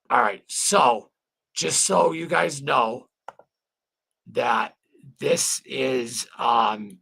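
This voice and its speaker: Gravelly, husky-voiced man rambling on a livestream. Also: medium pitch, bright, forceful tone. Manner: rambling, emotional, swears freely; greets viewers by name. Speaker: livestream host. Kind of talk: casual livestream chat.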